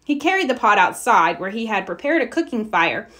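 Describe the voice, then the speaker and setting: A woman's voice: a little high, brisk. A woman reading a children's storybook aloud, narrating and acting out the characters' lines. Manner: expressive, acts out characters' lines. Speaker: storybook reader.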